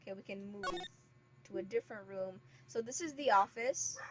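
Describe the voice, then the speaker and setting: A young woman chats casually while streaming a game, rambling and using lots of filler words, her mid-range voice moving at a moderate pace. She speaks into a poor streaming mic that adds very loud static hiss, and a dog can be heard in the background.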